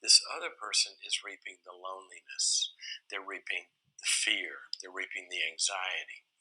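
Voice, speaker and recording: A middle-aged man giving a teaching talk with personal stories, animated and moving between loud emphasis and soft whispered asides. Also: low-pitched, moderate pace, low-quality recording. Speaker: speaker on boundaries and self-control.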